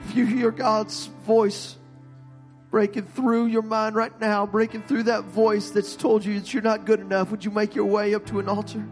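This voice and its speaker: A male pastor preaching an impassioned sermon with an altar call, rising to shouts. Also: high voice, level tone, moderate pace, soft background music. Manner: impassioned, rising to shouts, voicing God's words.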